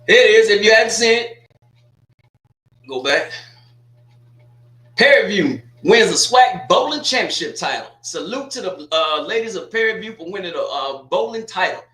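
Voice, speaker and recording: A man's voice: high voice, lively intonation, normal speed, pauses often, pushed and bright, echoey room, soft background music. A man hosting a casual sports talk livestream, loose and joking, trash-talking teams between restarts and asides.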